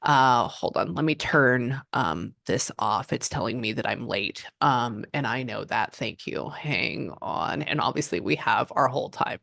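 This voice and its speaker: A woman's voice: very deep voice, expressive, normal speed, creaky, hardly any pauses, no room sound, clean studio sound. A woman from Texas with a Texan accent, a psychic medium chatting to a client about how channeling works, rambling with many fillers and sometimes dropping to a whisper. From Houston, Texas.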